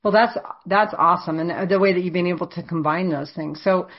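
A woman's voice: on the low side, fairly quick. A woman hosting a podcast, chatty and encouraging, with many fillers as she introduces and questions a guest. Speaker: podcast host. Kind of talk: hosting an interview. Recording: dull lo-fi recording.

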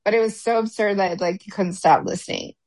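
A woman of middle pitch tells stories on a podcast, lively and quick to laugh. Her voice is dry and close, with no room sound. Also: no room sound. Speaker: podcast co-host. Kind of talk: casual podcast chat.

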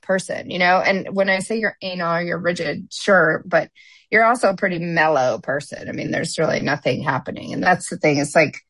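A woman's voice: medium pitch, dry recording. A woman in casual conversation, rambling with many fillers and restarts. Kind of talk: casual chat.

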